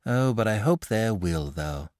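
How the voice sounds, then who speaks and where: A man's voice: on the low side, lively intonation, unhurried, darkish tone, no echo, clean studio sound, pitched above the performer's own voice. A man voicing an eager, blunt little boy in a storybook reading. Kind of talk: audiobook character voice.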